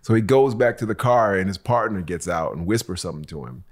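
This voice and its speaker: A man with a very low voice spins a story on a casual podcast. He acts out every voice in his tale, laughs as he goes, and curses freely. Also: fast talker. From Los Angeles local. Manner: animated storyteller who acts out quotes, swears freely. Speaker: podcast co-host.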